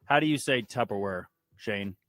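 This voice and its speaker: A man's voice: on the low side, animated, moderate pace, fairly bright tone, no room sound, studio quality. A man co-hosting sports radio, telling stories and teasing his co-hosts. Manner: storytelling, laughing, teasing. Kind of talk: casual sports radio banter. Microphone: studio mic.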